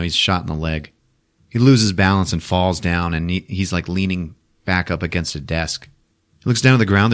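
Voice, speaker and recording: A man hosting a podcast, retelling a movie in a profane, animated way. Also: low-pitched. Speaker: podcast host. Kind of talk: casual movie recap. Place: podcast studio.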